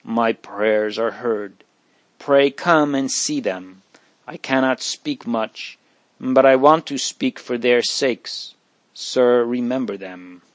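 Man reading as a dying young woman, faint and devout, very slow, dry close sound, storybook reading. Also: medium pitch, dry recording, close to an everyday voice. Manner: soft, slow, faint and prayerful. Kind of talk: reading aloud from a religious narrative.

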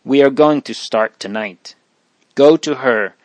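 A man reading aloud, voicing a calm, protective teenage boy who gently reassures his younger siblings. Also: mid-range voice, unhurried, no echo, close to an everyday voice. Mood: gentle.

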